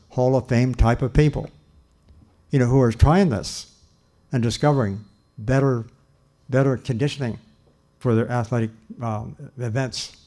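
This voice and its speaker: A man's voice: medium pitch, dark tone. An older man giving a lecture on nutrition in an earnest, emphatic way, often restarting his sentences. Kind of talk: lecture talk.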